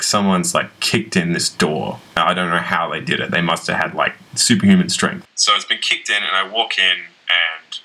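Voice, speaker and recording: A man's voice: deep voice, bright, forceful tone, exaggerated voice, rough recording. An actor playing a young man on a date, telling a rambling, profane story about his wrecked room. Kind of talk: conversational web-series acting.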